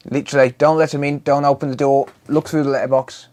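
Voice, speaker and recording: A man's voice: medium pitch, little pitch movement, fairly quick, a little mellow. A British man chatting casually as the host of a live stream at home, reading out and answering viewer comments and swearing freely.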